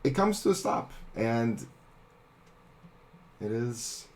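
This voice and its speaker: A man narrating as game master of a tabletop game, laid-back and chuckling, with sudden shouted sound effects. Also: medium pitch, sing-song, takes it slowly.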